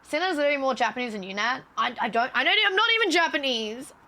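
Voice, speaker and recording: Bright high woman streamer. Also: fast. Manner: animated, swearing, laughing storyteller. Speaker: live streamer. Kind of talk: casual stream chat and storytelling.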